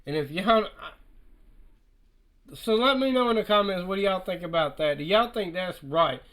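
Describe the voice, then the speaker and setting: A man's voice: high-pitched, expressive, normal speed, a bit bright, rough recording. A man doing reaction commentary, emphatic and repetitive, speaking directly to his viewers.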